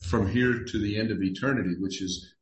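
In a church room, a pastor leads a relaxed, conversational Bible study, reading scripture aloud and acting out the people in the passages. His voice is on the low side and brisk, with a roomy echo and a slight hiss or hum.

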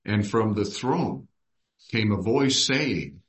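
A man leading a Bible study, reading verses aloud and putting questions to his group. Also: fairly low pitch. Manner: unhurried, reads scripture aloud and asks the group questions.

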